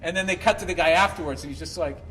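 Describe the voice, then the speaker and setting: Middle-aged male host, slightly high voice, loose profane rambling monologue, faint background hiss. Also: very fast. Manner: profane, rambling, animated storytelling with acted-out quotes.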